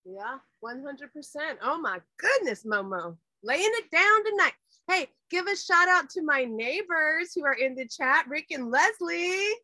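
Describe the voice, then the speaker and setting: A woman's voice: high-pitched, lively intonation, measured pace, bright, forceful tone, no echo. A woman from California hosting a casual livestream chat, enthusiastic as she reads out viewer questions. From Santa Cruz, California. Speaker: host.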